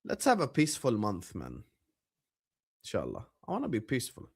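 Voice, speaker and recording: A young man hosting a live football watchalong, chatting casually with his viewers and shouting at big moments of the match. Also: mid-range voice, normal speed, breathy edge. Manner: animated, bursts into loud shouts at match moments, banters with chat. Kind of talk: casual live-stream chat and match commentary.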